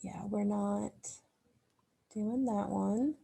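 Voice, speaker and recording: Slow, patient woman teaching young kids. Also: mid-range voice, steady tone, creaky, warm tone, husky. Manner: slow, patient, explains step by step to children. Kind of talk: recorded remote phonics lesson.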